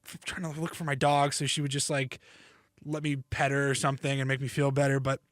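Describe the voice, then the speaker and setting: A man's voice: mid-range voice, completely flat delivery, fairly quick, a bit bright, no echo, clean studio sound. A young man hosting a sports podcast, chatty and self-deprecating. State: slightly hoarse, needs to cough. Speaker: podcast host. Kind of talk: casual sports podcast monologue.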